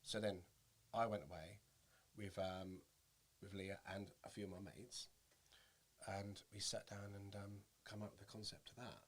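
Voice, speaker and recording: A male impressionist, a guest in a casual interview, tells anecdotes with animation, jumping into voices and laughing often. His voice is lowish and his pace measured.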